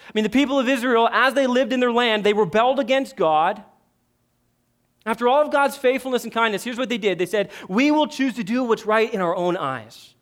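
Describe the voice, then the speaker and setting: A man preaching a sermon, emphatic, swinging between loud exclamations and quiet, hushed asides. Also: very high-pitched, fairly quick. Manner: emphatic, rising and dropping to a hush. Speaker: pastor.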